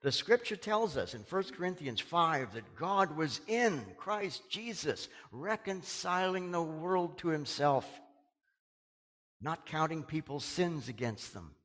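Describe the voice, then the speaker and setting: A man preaching in a church hall, his voice ringing with a long reverb. He delivers the sermon with wide, lively swings in pitch, rising to urgent peaks and sinking to a hush on quoted words. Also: takes it slowly. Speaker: pastor.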